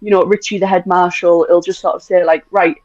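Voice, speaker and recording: A woman's voice: lowish voice, fairly even intonation, fast, a little mellow, no room sound. Woman, British accent, blunt, sweary, laughing, muffled audio, dry sound. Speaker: podcast guest. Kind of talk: casual podcast chat.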